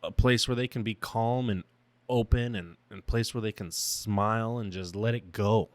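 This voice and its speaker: A young podcast host with a fairly low voice talks at normal speed, recorded with no echo. He speaks about himself in an emotional, reflective monologue full of halts and restarts.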